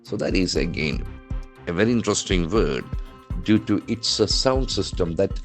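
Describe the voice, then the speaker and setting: Over soft background music, a man with an Indian English accent runs a news-based vocabulary lesson, his low voice expressive and at normal speed. As an English trainer, he spells out words letter by letter and stresses each one heavily on repetition.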